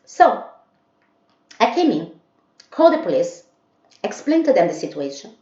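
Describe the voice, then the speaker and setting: A woman's voice: medium pitch, very animated, normal speed, dark tone, muffled recording. Rambling woman vlogger, echoey room. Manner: rambling, repeats herself. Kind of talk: casual storytelling to camera.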